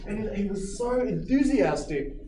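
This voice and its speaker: A man casually telling a travel story, animated and laughing often, acting out what people said. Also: high-pitched, moderate pace. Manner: animated, acts out quotes, laughs a lot. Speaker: storyteller recounting a trip. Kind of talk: casual anecdotal chat. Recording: roomy echo, distant mic, background noise.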